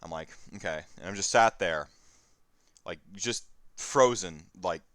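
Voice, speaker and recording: A man in his thirties, a stream host, telling a candid personal story in a rambling, halting way with many fillers. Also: low-pitched, a bit bright, smooth, dry recording.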